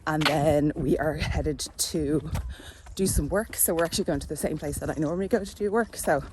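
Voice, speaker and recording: A woman chatting casually to camera in a vlog, rambling with fillers, at times out of breath while walking fast. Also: low voice, a little mellow, slight background noise. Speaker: vlogger.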